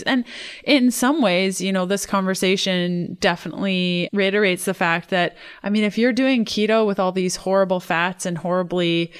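Woman podcast host, young adult, upbeat, laughs easily, smooth clear voice. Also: medium pitch. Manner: enthusiastic, laughs often. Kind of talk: podcast interview.

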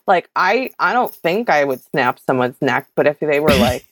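A woman's voice: low voice, animated, moderate pace, dry recording, clean studio sound. A woman co-hosting a podcast, recapping a reality show in casual chat, rambling and stammering as she acts out quotes. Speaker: podcast co-host.

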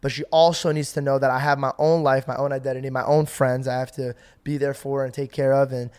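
A man in his twenties co-hosting a podcast, chatting casually in a rambling, excitable way, full of fillers and quick to laugh. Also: medium pitch, clear, resonant tone. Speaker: podcast co-host. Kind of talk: casual chat.

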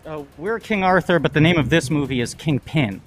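A man's voice: on the high side, lively intonation, a little fast, soft background music. Punning male trivia contestant. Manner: hesitant, punning answers.

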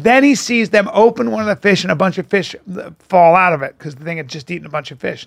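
A podcast co-host with a raised pitch and a rough, fry-laden edge to his voice. He swears often and acts out the voices of the people in his stories. The sound is close and dry, with no room in it. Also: fast, few pauses, no room sound. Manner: profane, animated storyteller who acts out quotes. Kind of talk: casual podcast banter.

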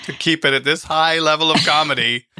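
A man's voice: a little high, steady tone, a little fast, sharp tone, smooth, dry recording, clean studio sound, faint music behind. A man co-hosting a podcast in a joking, playful manner, now and then slipping into a mock announcer voice. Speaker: podcast co-host. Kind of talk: casual chat.

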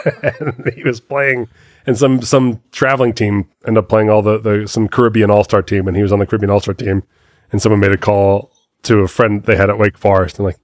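A man's voice: fairly low pitch, steady tone, fairly quick, no room sound, studio quality. A man in his forties telling stories in casual podcast chat, laughing often. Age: 40s. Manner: chatty storyteller, laughs often. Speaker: podcast co-host.

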